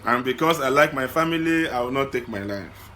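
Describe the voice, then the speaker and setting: A man playing a bright-voiced Nigerian young man. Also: mid-range voice, animated, slight background noise. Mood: repeating. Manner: hesitant, halting, then cheeky. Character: downcast young man fishing for money. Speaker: despairing friend on a call. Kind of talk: comedy skit acting.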